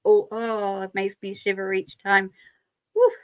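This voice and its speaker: A woman guest in a casual interview, speaking slowly and softly, growing emotional as she recalls things. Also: mid-range voice, flat delivery, no room sound, clean studio sound. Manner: slow, soft-spoken, emotional.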